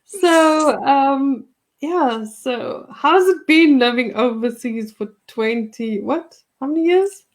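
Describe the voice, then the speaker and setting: A woman hosting an interview, asking questions in an unhurried way. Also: sits high, animated. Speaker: host. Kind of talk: casual interview conversation.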